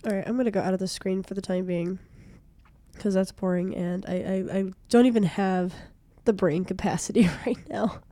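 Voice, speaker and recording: A young woman with a cold, her voice hoarse and stuffy, chatting casually and self-deprecatingly while streaming a game from a small room. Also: medium pitch, fairly even intonation, moderate pace, mellow, dry recording. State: congested from a cold.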